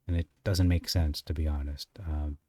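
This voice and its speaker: A man's voice: rumbling low, steady tone, moderate pace, dark tone, no echo, far from the mic. A man teaching scripture, reading verses aloud and explaining them with rhetorical questions. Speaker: Bible teacher. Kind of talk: unscripted scripture commentary.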